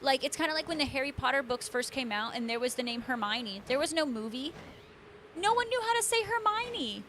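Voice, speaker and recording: A woman's voice: sits high, expressive, fairly quick, fairly bright tone, slight background noise. A woman hosting a live stream, chatting casually with viewers, laughing often and answering them by name. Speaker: livestream host.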